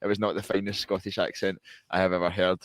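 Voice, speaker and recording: Deep, flat-toned man reviewing football. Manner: measured, analytical, with frequent restarts. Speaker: podcast co-host. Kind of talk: post-match football reaction chat.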